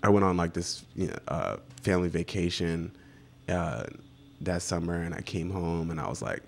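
A young man, a photographer, telling a story about his career in a relaxed, casual conversation. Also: deep voice, normal speed, vocal fry. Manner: relaxed storytelling, acts out quotes. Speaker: guest photographer.

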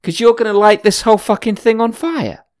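A man's voice: high voice, fairly quick, darkish tone, dry recording, studio quality, pitched above the performer's own voice, close to an everyday voice. A man voicing an indignant young male hiker with a whiny, tattling manner. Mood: whiny scolding.

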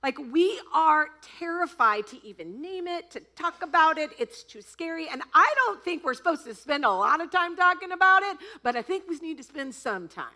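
A woman pastor preaching a sermon, telling a story in an animated, laughing, dramatic way. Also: extremely high pitch, normal speed, few pauses. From United States.

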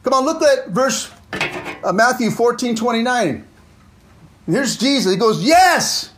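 A man preaching a fervent sermon as pastor, constantly dropping "amen" and "come on," and swinging between loud exclamations and low, quiet asides. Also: expressive, normal speed, a little hiss or hum.

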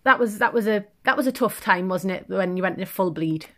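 A woman's voice: medium pitch, animated, a little fast. A woman from England chatting as a podcast co-host, teasing her partner and telling stories. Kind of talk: casual chat.

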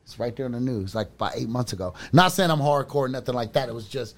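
A man's voice: medium pitch, fast. A middle-aged man in casual chat, telling long rambling stories in street slang. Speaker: storyteller on a podcast.

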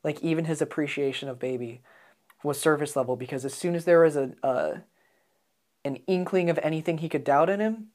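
A man's voice: fairly high pitch, brisk, darkish tone. An American man chatting casually about films as a podcast co-host, hesitant, with many ums and restarts. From United States. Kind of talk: casual film discussion.

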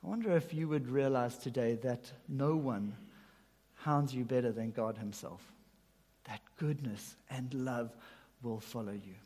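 A male pastor preaching a sermon, swinging between emphatic loud phrases and soft, hushed lines. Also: medium pitch, a little slow, slightly rough. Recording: long reverb of a large hall.

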